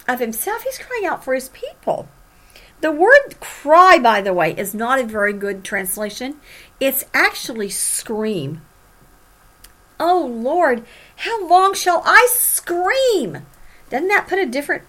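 Animated woman teaching a Bible study. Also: on the high side. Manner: animated, dramatic emphasis when reading prophets' cries. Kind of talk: sermon with scripture reading.

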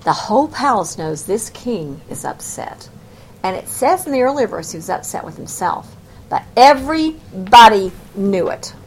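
Woman, preacher, Bible teaching sermon, expressive storytelling, animated pitch. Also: slightly rough. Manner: expressive storytelling, acts out scripture voices.

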